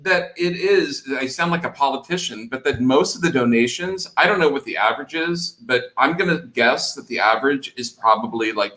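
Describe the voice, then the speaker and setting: A man of average pitch hosting a fundraising stream over a video call. He chats in an easy, teasing way and runs through lists of names and amounts. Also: animated, fairly quick, hardly any pauses, pushed and bright, reverberant, low-quality recording. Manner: chatty, teasing. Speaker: host. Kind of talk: casual chat and reading donor names.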